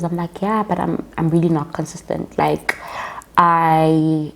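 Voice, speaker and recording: A woman's voice: low-pitched, level tone, a little slow. A young South African woman vlogging casually, retelling a personal story with quoted dialogue and often calling her viewers guys.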